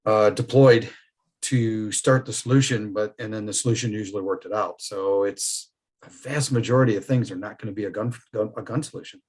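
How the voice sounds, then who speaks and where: A man's voice: fairly low pitch, fairly quick, husky. A middle-aged man, a firearms trainer, telling stories in casual chat and laughing often. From New York state. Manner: animated storyteller, laughs often.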